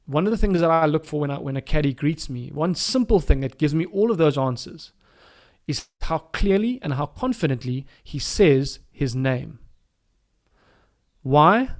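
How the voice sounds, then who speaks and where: A man's voice: on the high side, a little mellow. A middle-aged man with a South African accent giving a caddie training webinar, emphatic and coaching, repeating his key words for stress.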